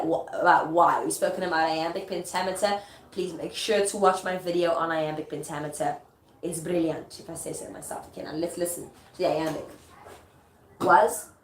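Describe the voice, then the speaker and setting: A woman's voice: fairly low pitch, a little hiss or hum. A woman teacher explaining Shakespeare in a casual, chatty lesson, often checking that her listener follows. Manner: chatty, checks understanding with quick asides. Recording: echoey room with faint ambience.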